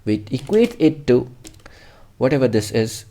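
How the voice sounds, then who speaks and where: A man's voice: mid-range voice, sing-song, a little slow, dark tone. A man teaching a casual coding tutorial, rambling and swearing freely as he jokes with himself. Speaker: programming tutor.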